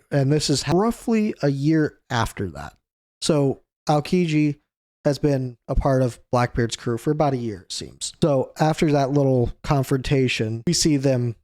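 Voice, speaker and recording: A man's voice: medium pitch, a little mellow, no room sound, clean studio sound. A young man hosting a manga chapter review, recapping in a loose, chatty way with fillers and self-corrections. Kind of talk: casual spoken chapter recap.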